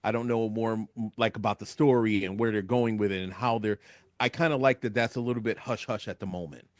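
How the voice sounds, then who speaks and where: A man talking casually on a radio show, rambling with lots of fillers and jumping up in pitch when excited. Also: brisk, no room sound. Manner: animated, rambling, frequent fillers. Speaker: guest commentator. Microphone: studio microphone.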